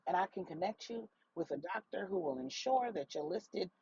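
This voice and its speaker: A storyteller voicing Doctor Lopez, a calm female therapist who speaks in a measured, reassuring way. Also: mid-range voice, creaky, slightly rough, dry recording, highs cut off, full character voice.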